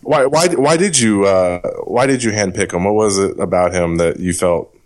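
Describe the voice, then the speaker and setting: A man's voice: fairly low pitch, moderate pace, a little mellow. A man co-hosting a podcast, talking loosely with lots of fillers. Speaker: podcast co-host. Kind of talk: casual podcast chat.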